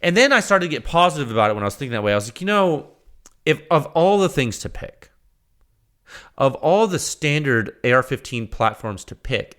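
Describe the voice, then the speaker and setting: A male podcast host in a loose solo monologue. His pitch leaps around constantly, rising high for acted-out reactions and dropping low for asides. He talks in an excitable, rambling way.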